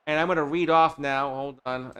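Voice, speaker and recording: A man's voice: a little high, normal speed, clear, resonant tone. A man live-streaming a football video game, calling the plays and chatting with his viewers, sometimes drifting away from his mic. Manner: bursts into excited play calls, then drops to quiet chat asides. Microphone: desk mic he drifts away from.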